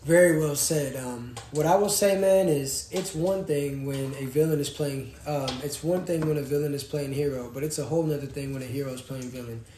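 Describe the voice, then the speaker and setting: A young man, co-hosting a casual live-stream chat in an animated, slangy way. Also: a little fast, few pauses. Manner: animated, slangy, jumps from loud to low. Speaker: podcast co-host. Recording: roomy echo, faint noise.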